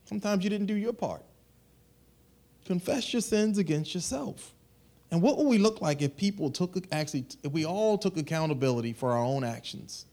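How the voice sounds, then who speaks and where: A man preaches with a high-pitched voice in a loose, conversational way. He slips into little acted voices to make his points. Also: fast, hardly any pauses. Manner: animated, conversational preaching with acted asides and laughs. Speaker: pastor. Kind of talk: sermon.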